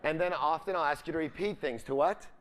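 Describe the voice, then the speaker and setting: A man's voice: a little high, fast, fairly bright tone, some chatter behind. A man giving a live seminar, full of upbeat energy, constantly asking the audience questions and leaving the ends of his sentences for them to fill in. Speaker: seminar speaker.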